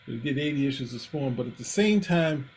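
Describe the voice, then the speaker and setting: A man's voice: mid-range voice, expressive, fairly quick, darkish tone, poor audio. A man co-hosting a comics talk show, rambling with frequent restarts and acting out quotes in casual chat. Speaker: comics podcast co-host.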